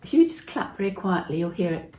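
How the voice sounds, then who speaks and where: A woman's voice: on the low side, very animated, fairly quick, warm tone, reverberant, a little hiss or hum, poor audio. An older woman telling a Bible story to young children, chatty and interactive, asking them questions as she goes.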